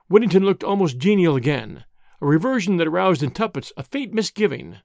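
Expressive man reading an audiobook. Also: high voice, brisk, gravelly, no room sound, studio quality. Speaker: audiobook narrator. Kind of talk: scripted narration.

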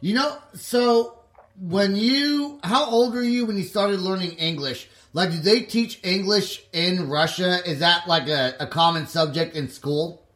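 A man from Puerto Rico hosting a podcast in casual chat, excitable and laughing often. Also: high voice, a little slow, reverberant. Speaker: podcast host.

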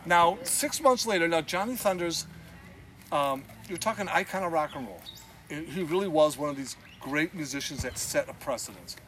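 A man with a high voice spins a loose, profane anecdote, laughing as he goes. The recording carries steady background noise under his voice. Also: moderate pace. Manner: profane, laughing, animated storyteller. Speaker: guest storyteller, former club owner. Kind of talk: casual anecdote telling.

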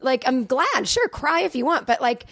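A woman's voice: sits high, big pitch swings, moderate pace, gravelly, fairly bright tone, no room sound, clean studio sound. A woman comedian guesting on a podcast, talking casually and profanely, with many "like"s. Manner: chatty, profane, heavy on "like". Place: home podcast room.

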